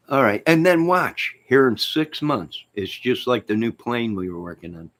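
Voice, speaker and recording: A man hosting his own channel, chatting in a rambling, jokey way with sudden loud outbursts. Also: mid-range voice. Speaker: channel host. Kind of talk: rambling joking livestream chat.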